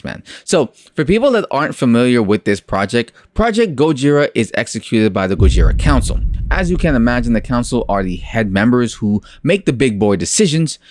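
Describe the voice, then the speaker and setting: A man's voice: lowish voice, no echo, studio quality. Jokey man hosting a crypto channel. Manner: jokey, sarcastic asides, many fillers. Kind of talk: casual commentary on a project.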